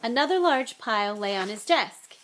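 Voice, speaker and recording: A woman reading a novel aloud in an expressive way, with relaxed, chatty asides to her listeners. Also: on the high side, moderate pace. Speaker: audiobook reader.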